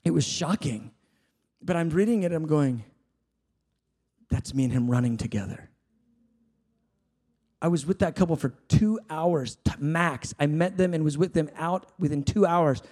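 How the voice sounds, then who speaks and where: A man preaching a sermon, swinging between fervent shouted appeals and hushed, conversational storytelling. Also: a little high, a little slow, pauses often. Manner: conversational, self-deprecating anecdotes.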